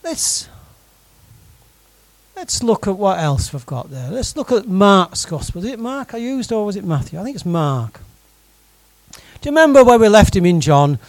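Animated, high-voiced male preacher. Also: normal speed, long pauses, no room sound, low-quality recording. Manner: animated, conversational preaching with direct questions to the congregation. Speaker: pastor. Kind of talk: sermon.

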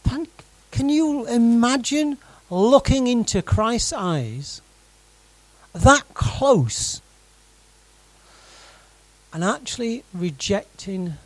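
A man preaching a sermon to his congregation in a conversational, animated way, often putting direct questions to the room. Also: very high-pitched, very slow, long pauses, no echo, rough recording. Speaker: pastor.

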